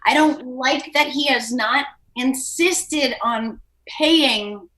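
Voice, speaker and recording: A woman guest on an advice podcast, blunt and fast-talking, who swears in casual chat. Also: high-pitched, fairly bright tone.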